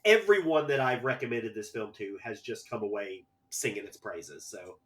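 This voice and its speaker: Eager bright-voiced male podcast guest. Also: lowish voice, expressive, normal speed. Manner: eager, earnest movie fan. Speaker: podcast guest arguing as defense. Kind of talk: casual podcast chat.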